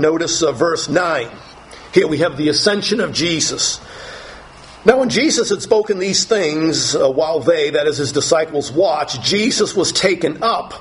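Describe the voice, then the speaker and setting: A man with a slightly high voice preaches a sermon, reading verses slowly and then explaining them with emphatic repetition. A faint hiss runs underneath the recording. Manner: slow, emphatic scripture reading, rising to higher pitch when dramatizing.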